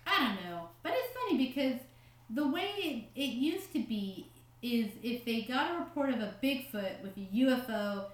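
A woman with a slightly high voice chats through a podcast, reading quoted passages and breaking in with jokes and laughter. Her voice bounces around a roomy, echoey space. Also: very animated, moderate pace. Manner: laughs often, reads quotes with asides. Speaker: podcast co-host. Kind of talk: casual chat, reading quotes aloud.

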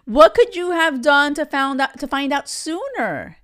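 A woman's voice: high-pitched, big pitch swings, a little slow, fairly bright tone. A woman hosting a podcast who gives dating advice in a blunt, emphatic way, swearing freely and talking straight to her listeners. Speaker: podcast host.

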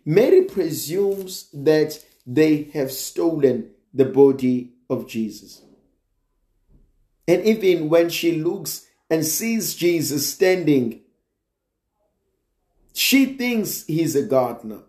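Slow, deliberate preaching man in echo. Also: on the high side, expressive, darkish tone. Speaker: priest. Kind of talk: sermon.

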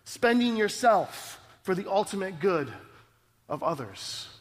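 A male pastor preaches with a fairly high voice, talking earnestly and conversationally and often tossing in quick asides to the room. His words ring out with a long reverb, as if heard in a large church sanctuary. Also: sing-song. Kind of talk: sermon.

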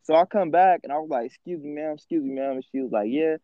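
A man's voice: a little high, fast, no room sound, dull audio. A man co-hosting a podcast, telling a story in casual slang and laughing as he goes. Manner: slangy, laughs through his stories. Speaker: podcast co-host.

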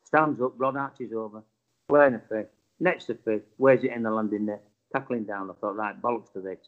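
Here a fifties-aged man from Bradford, England, talks at medium pitch and an even, moderate speed in his West Yorkshire accent. His relaxed anecdote is lively, with acted-out quotes and some swearing, all on a dull lo-fi recording.

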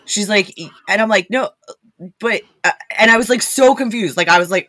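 A woman's voice: medium pitch, normal speed, bright, forceful tone, no room sound. A young woman, a rescue founder, telling stories casually with lots of laughter and quoted dialogue. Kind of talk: casual storytelling.

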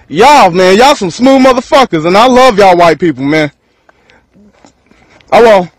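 A man's voice: high-pitched, expressive, measured pace, dry recording, rough recording. A man from Texas, rambling through a profane freestyle rant to camera and laughing between thoughts.

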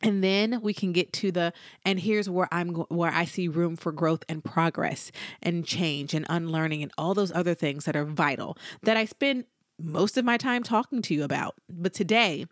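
An encouraging woman hosts a solo motivational podcast, her voice sitting a little low. She slows down deliberately to stress key points. The sound is dry and close, with no room echo. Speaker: podcast host.

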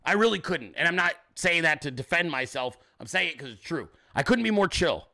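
Host, male, 40s: bright, high-pitched voice, very animated, profane storyteller. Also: a little fast, vocal fry. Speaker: show host. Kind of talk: profane ranting monologue.

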